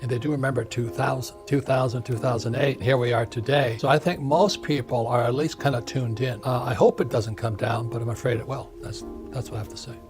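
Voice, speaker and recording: A man's voice: medium pitch, steady tone, brisk, hardly any pauses. An American man in his seventies, speaking as an author interviewed as a guest, talking bluntly and repeating words for emphasis. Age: 70s. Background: background music.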